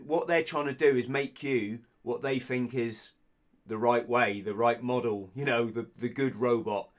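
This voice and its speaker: A British man telling his story as a podcast guest, blunt and sweary, with frequent halting restarts. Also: medium pitch. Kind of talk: casual candid storytelling.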